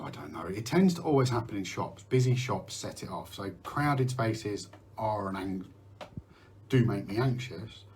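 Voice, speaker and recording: A man's voice: fairly low pitch, darkish tone, a little hiss or hum. A middle-aged man from the UK hosting a candid live talk about mental health, rambling, restarting sentences and swearing now and then. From United Kingdom. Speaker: host.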